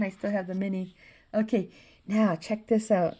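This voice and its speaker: Mellow-voiced woman chatting casually. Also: mid-range voice, little pitch movement, normal speed. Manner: loose and profane, with frequent "you know" and laughs. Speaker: vlogger showing her drawings. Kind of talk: casual rambling commentary.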